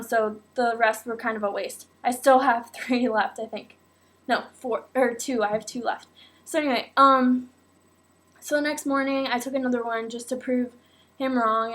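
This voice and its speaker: A young woman with a high voice tells a personal story straight to camera in a loose, chatty vlog style. She talks animatedly and gets carried away, tossing in "like" and "oh my God" constantly. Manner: animated, acts out quotes, many fillers like "like" and "oh my God". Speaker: vlogger.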